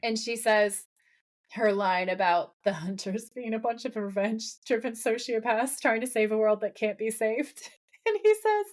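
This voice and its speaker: A woman's voice: fairly high pitch, normal speed. A woman co-hosting a podcast, casually recapping a TV episode, acting out lines and swearing freely. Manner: animated retelling, acts out quoted lines, swears casually. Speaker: podcast co-host.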